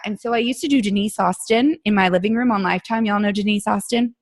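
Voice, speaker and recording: A woman, telling her story in a casual, animated way on a coaching call. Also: medium pitch, fast, few pauses. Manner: chatty and animated, acts out quotes, laughs often. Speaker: guest speaker on a coaching call. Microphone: phone or conference call line.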